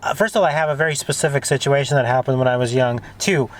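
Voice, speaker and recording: A man's voice: mid-range voice, fast, noisy background. A man hosting a casual conversation, talking in an earnest, rambling and emphatic way. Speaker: host.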